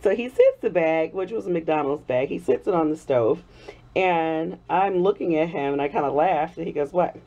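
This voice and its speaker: In a muffled recording, a soap-making vlogger in her thirties tells a story for her casual home vlog, her low, dark voice animated and at normal speed. She's chatty and laughs often while still recovering from an illness.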